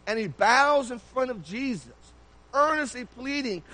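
Preacher, lively high voice. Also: male voice, unhurried, poor audio. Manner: conversational, asks the congregation many questions. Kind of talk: sermon. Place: church.

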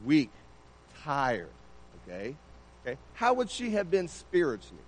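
A man's voice: on the high side, wildly swooping pitch, measured pace, rough recording. A man preaching a sermon in a church, keeping it conversational and putting many questions to the congregation.

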